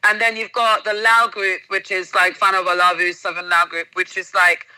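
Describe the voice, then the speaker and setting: Woman gushing about travel stories, super bright voice, dry close sound. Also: on the low side, level tone, moderate pace, no room sound, low-quality recording. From England. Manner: enthusiastic, vivid storyteller. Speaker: guest. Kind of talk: casual interview chat.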